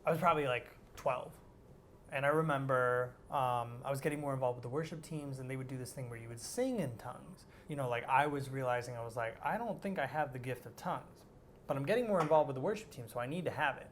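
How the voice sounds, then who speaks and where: A man, an interview guest, tells a personal story in an animated, rambling way, full of "like" and acted-out quotes. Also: mid-range voice, fast talker, slight background noise. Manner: animated, rambling, heavy use of "like".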